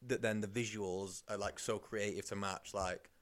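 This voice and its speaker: A man's voice: lowish voice, steady tone, normal speed. A man co-hosting a podcast, chatting casually and teasing his co-host with sarcastic asides. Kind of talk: casual chat.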